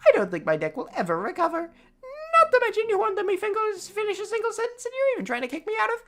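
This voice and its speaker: A man's voice: extremely high pitch, huge pitch swings, fast talker, a bit bright, voice pushed up, exaggerated voice. A man voicing a smug, teasing young man from a dating game who whines dramatically. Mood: whiny.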